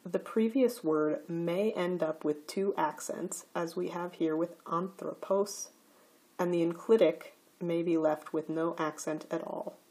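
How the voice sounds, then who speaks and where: A woman walks through grammar rules in a recorded slide lecture. She talks slowly and carefully, with a slightly husky, breathy voice. Her pitch sits a little low. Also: fairly even intonation, dark tone. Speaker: teacher.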